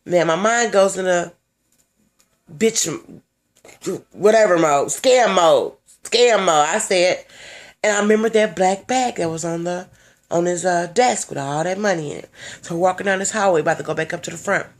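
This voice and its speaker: A woman's voice: fairly low pitch, brisk. A young woman telling a story in a blunt, brash way, swearing freely. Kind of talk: casual profane storytelling.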